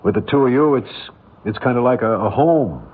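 A man playing a modest middle-aged working man, earnest and a little halting. His voice is husky. It comes through a narrow, tinny old radio broadcast. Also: medium pitch, lightly acted. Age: 40s. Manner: hesitant, earnest. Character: plain, modest filling-station owner, gentle and humble. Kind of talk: 1940s radio acting.

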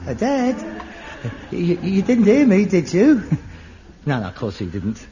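A middle-aged man, acting in an old TV sitcom, theatrical and excitable, muttering one moment and ranting the next. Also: sits high, measured pace, heavily acted. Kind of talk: 1960s-70s TV sitcom acting. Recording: lo-fi archive TV sound with faint hiss.

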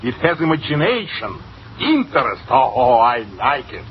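An actor playing a sly, plaintive cashier and embezzler, in 1940s radio acting on a dull old broadcast. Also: male voice, medium pitch, moderate pace, a little hiss or hum, close to an everyday voice. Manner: sly and plaintive, rising to excited cries.

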